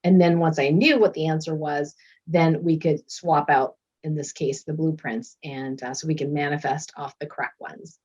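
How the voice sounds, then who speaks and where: A middle-aged woman, a doctor and author, chatting as an interview guest and telling lively stories. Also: deep voice, normal speed, husky. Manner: lively storyteller who acts out quoted voices and laughs often. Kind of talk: casual interview chat. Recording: dull lo-fi recording.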